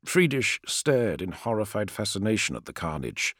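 A man narrates a novel with expressive delivery. His pitch moves widely across each sentence. The sound is dry and close, with no room around it. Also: normal speed, few pauses, breathy edge, dry recording. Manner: expressive storytelling. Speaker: audiobook narrator. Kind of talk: scripted narration.

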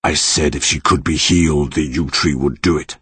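A man voicing a huge ancient tree monster that speaks calmly and gravely, in a measured, unhurried way. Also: rumbling low, no room sound, full character voice. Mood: solemn. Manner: slow, measured, grave delivery.

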